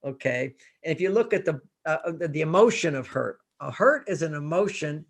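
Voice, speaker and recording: A Texan man in his sixties, a guest author being interviewed, talks emphatically and acts out the voices he quotes. His fairly high, husky voice moves fairly quickly with lively intonation.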